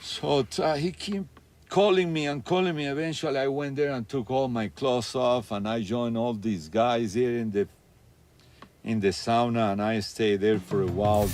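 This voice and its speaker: A man recounting events in a documentary interview, swearing often and telling the story with lively animation. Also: mid-range voice, moderate pace, a little hiss or hum. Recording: faint music under voice.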